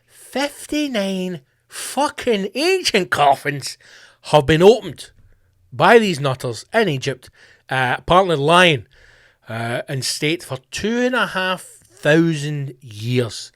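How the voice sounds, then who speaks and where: A middle-aged man with a Scottish accent, hosting his own podcast in a profane comedic rant, sweary and animated. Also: on the high side, slow, no echo, studio quality. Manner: sweary, animated, slips into mock voices. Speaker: podcast host.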